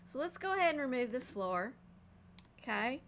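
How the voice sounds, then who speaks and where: A woman's voice: high-pitched, very animated, normal speed, fairly bright tone, slight background noise. A woman casually narrating her home build in a game, thinking aloud with frequent ums and hesitations. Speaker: game building video creator.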